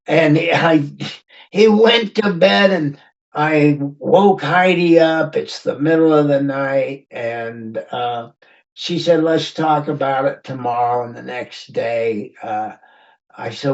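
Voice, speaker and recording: A man shares a personal story as a podcast guest, candid and quietly reflective. His voice sits a little high. It sounds distant and dull, as if it comes over a remote call. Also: takes it slowly, gravelly. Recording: distant, muffled remote audio.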